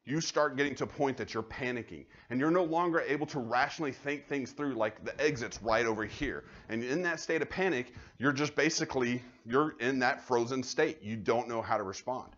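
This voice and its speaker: A man, a police officer giving a live safety training talk, conversational and animated as he tells stories to the audience. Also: mid-range voice, brisk, few pauses, muffled recording. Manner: conversational, animated storytelling, addresses the audience directly. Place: university room before an audience.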